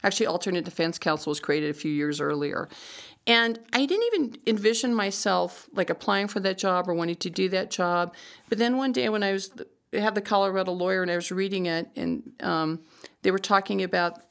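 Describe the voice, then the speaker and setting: A woman's voice: medium pitch, brisk. A woman in her sixties, a judge, telling stories in a conversational interview, laughing often and acting out her own past thoughts. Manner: animated, laughs often, acts out quoted thoughts.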